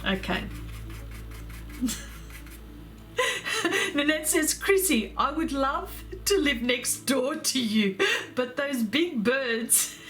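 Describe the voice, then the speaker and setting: A woman hosts an art livestream as a casual chat, reading viewer comments aloud, effusive and quick to laugh. Her voice is high-pitched and a bit bright.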